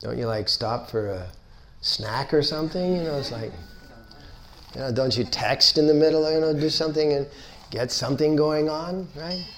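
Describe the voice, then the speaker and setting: A man giving a spiritual lecture, unhurried and playful, repeating words in rhythmic build-ups. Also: a little high. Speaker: spiritual teacher.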